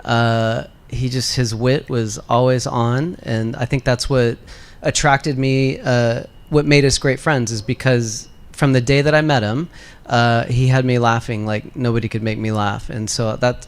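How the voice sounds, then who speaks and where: Gravelly man answering panel questions. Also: mid-range voice, a little slow, hardly any pauses. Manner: relaxed and candid, with frequent fillers and a soft laugh. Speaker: guest actor on a fan convention panel. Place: fan convention panel.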